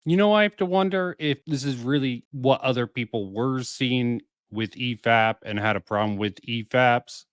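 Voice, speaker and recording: A man reacting to clips and talking through his take in a musing, questioning way. His pitch moves a lot as he thinks aloud. The mic is close and dry, with no room sound. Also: dry recording. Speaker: commentary video host. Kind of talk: reaction commentary over clips.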